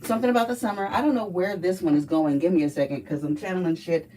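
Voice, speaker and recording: A woman with a low, mellow voice gives a relaxed live card reading on a livestream, blunt, chatty, and quick to swear. She sits back from the mic, so the poor, distant audio carries a faint room hum.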